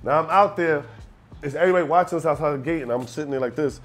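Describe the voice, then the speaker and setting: A Brooklyn man with a slightly high voice tells a long story in a loose, animated way and slips into the voices of the people in it. He keeps checking in with "you know what I'm saying". Faint music plays under him. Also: quick pace. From Brooklyn, New York. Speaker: rapper guest. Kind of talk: storytelling in a casual interview.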